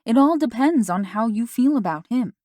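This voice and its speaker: Gentle questioning mother, voiced by a woman, raised pitch, dry audiobook read. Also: lively intonation, moderate pace, no echo.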